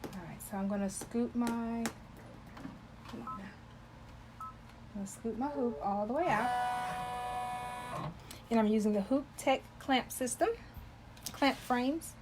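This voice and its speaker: On her embroidery live stream, a chatty woman greets viewers by name and talks with them while she works. Her voice is on the high side, slow-paced, with frequent pauses. The background is noisy.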